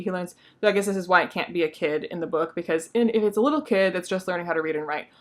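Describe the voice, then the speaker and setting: A woman book vlogger giving a casual, chatty plot recap, full of "like" and "um". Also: fairly low pitch. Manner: chatty, many fillers like "like" and "um".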